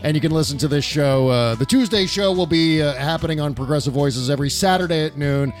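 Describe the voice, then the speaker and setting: A man hosting a casual political talk show, chatty and quick to laugh, with a wry edge. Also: fairly high pitch, soft background music. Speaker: podcast host.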